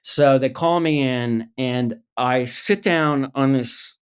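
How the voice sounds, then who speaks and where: Middle-aged man, animated storyteller, mid-pitched voice, restarts and acted-out voices. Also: takes it slowly, clean tone. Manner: lively anecdote teller, acts out quoted voices, many restarts. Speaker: actor guest.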